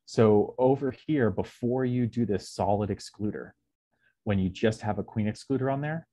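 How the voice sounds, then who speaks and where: A man's voice: fairly low pitch, normal speed, mellow, dry recording. A man giving a casual slide lecture on beekeeping, with lots of ums, who sometimes acts out little dialogues. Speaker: beekeeping presenter.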